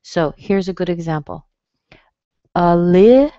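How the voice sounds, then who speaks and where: A woman with a low, slightly mellow voice teaches pronunciation in a webinar lesson, demonstrating stress in a slow, careful, over-enunciated way. The audio is dull and dry with no echo.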